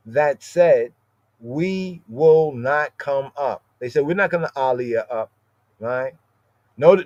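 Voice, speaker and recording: A man's voice: on the high side, a little mellow, dry recording. A man teaching a scripture lesson on a podcast, explaining word by word and often checking in with "right?". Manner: explanatory, peppers phrases with "right?". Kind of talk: podcast Bible study lesson. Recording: dull lo-fi dry sound.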